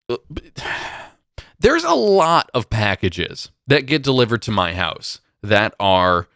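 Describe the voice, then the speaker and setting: A man's voice: fairly low pitch, fairly bright tone, dry recording, clean studio sound. A young man co-hosting a casual morning talk show, musing aloud with hesitant, wondering remarks. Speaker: co-host. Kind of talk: casual chat.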